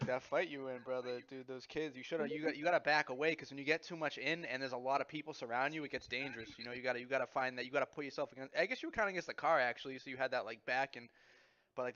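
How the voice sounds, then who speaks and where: A young man in casual voice chat, talking fast in long profane rambles. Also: medium pitch, a bit bright, dull audio.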